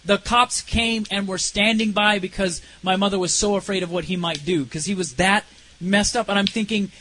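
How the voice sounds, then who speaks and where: High-voiced man giving an earnest testimony. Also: steady tone, low-quality recording. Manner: earnest, halting storytelling that drops low and soft at intense moments. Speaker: speaker sharing a personal testimony. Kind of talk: emotional personal testimony.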